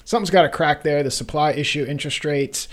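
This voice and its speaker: A man's voice: a little high, quick pace. A man hosting a casual finance podcast, joking around and talking loosely with fillers. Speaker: podcast host.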